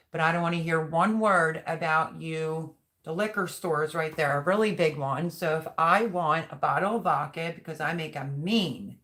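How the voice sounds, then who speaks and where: A woman's voice: low voice, fairly bright tone. Chatty middle-aged woman live-streaming. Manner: chatty and rambling, reads viewer comments aloud. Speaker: livestream host. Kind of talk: casual live-stream chat.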